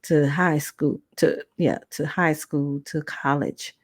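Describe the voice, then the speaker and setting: A woman's voice: takes it slowly, no room sound, studio quality. A woman hosting a podcast who tells a personal story in a casual, colloquial way and acts out the other people in it. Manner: animated, acts out quotes with big pitch jumps; conversational, colloquial, with restarts. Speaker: podcast host.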